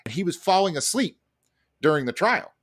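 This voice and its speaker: A man's voice: a little high, sing-song, brisk, a bit bright, slightly rough. A man co-hosting a podcast, telling a story in casual chat, full of fillers, restarts and swearing. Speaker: podcast co-host.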